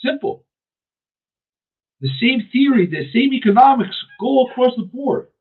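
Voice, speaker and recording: A man's voice: extremely high pitch, expressive, a little slow, breathy edge. A man hosting a talk radio show, giving an emphatic, opinionated monologue and often restarting his sentences. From New York City. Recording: tinny phone-like radio audio.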